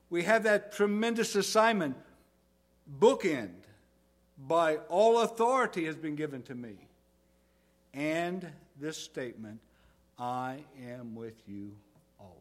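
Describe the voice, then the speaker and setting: A male pastor preaching a sermon, dropping to soft low phrases and rising to loud emphatic ones. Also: lively intonation, slow pace, long pauses.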